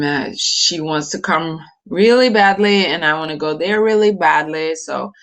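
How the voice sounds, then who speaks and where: Slow, chatty woman with a bright voice. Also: low-pitched. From Norway. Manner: rambling, chatty, frequent fillers and laughs. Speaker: live-stream host. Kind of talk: casual live-stream chat.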